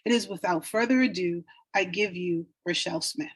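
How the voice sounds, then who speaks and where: A woman's voice: lowish voice, normal speed, husky, no echo. A woman reading a formal biography to introduce the next speaker. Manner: reads a formal bio. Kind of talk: scripted introduction.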